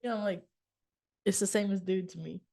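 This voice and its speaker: A woman's voice: mid-range voice, steady tone, fairly quick, vocal fry, mellow. A young woman with a Southern US accent, co-hosting a podcast in casual chat. She rambles, hunts for words and laughs between thoughts. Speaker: podcast co-host.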